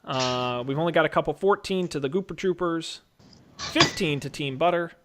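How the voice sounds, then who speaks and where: There's a noisy background behind this man's fairly high voice. Hosting a casual podcast's movie draft auction, he jokes around while calling bids in rapid auctioneer style.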